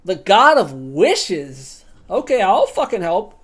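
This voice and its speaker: A woman's voice: medium pitch, big pitch swings, takes it slowly, breathy edge, full character voice. A woman doing a surly crude warrior. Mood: gruff. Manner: blunt, profane. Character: surly crude male warrior, selfish and blunt.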